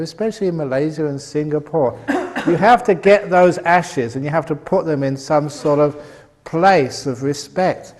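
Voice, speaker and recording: A man's voice: fairly high pitch, darkish tone, big-room sound. An older man giving a humorous dharma talk at a meditation retreat, joking and laughing often at his own lines. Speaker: meditation teacher.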